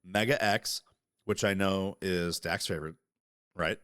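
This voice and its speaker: A man chatting casually as a podcast co-host, animated and profane, talking over interruptions. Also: sits low, a little slow, smooth, no room sound, studio quality. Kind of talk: casual chat.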